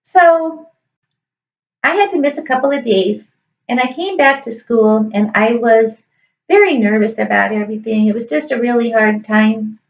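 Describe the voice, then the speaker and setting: A middle-aged woman, a high school teacher, telling a personal story in an earnest, emotional, emphatic way. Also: moderate pace. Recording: echoey room, distant dull mic.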